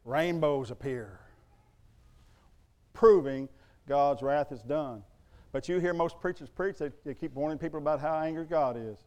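This pastor, a middle-aged man, preaches in church with a fairly high voice at normal speed, pausing often. He's emphatic and conversational and keeps asking rhetorical questions.

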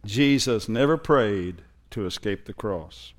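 Man preaching a lively sermon. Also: on the low side, slow pace. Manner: conversational preaching that builds in force. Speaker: pastor.

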